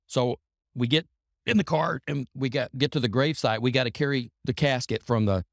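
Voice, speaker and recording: Man, podcast guest, gravelly voice, rambling anecdote, dry sound. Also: medium pitch, brisk, no echo. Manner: rambling anecdotes full of fillers and restarts. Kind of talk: casual storytelling.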